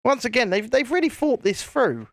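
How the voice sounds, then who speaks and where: Man, live-stream host, chatty, laughs a lot, casual swearing, lively swooping voice, dry close sound. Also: very high voice, moderate pace, gravelly, dry recording. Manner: chatty, laughs often, mild swearing, restarts. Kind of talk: casual live-stream chat while building.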